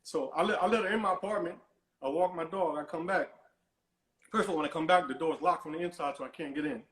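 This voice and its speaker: Male caller, higher voice, rambling storyteller, roomy echo on the line. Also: fast talker, a bit bright. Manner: rambling, repeats and restarts words, dismissive "whatever". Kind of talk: animated storytelling on a call-in show.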